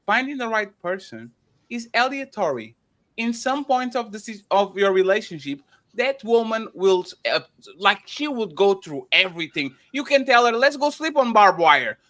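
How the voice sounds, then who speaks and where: A man's voice: high-pitched, sing-song, normal speed, a bit bright. A man hosting a podcast, arguing emphatically in a heated debate, interrupting and repeating himself.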